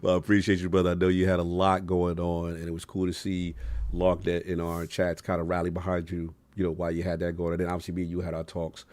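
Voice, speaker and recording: A man's voice: low-pitched, completely flat delivery, fast, darkish tone, dry recording. A man hosting a gaming podcast, talking in a slangy, hyped way and often talking over the others. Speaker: podcast host. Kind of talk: casual podcast chat.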